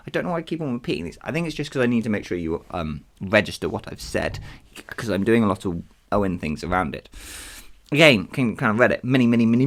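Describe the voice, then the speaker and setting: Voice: mid-range voice, expressive, fairly quick. A podcast host talking casually on their own, chatty and self-deprecating, with frequent asides. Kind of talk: casual solo podcast commentary.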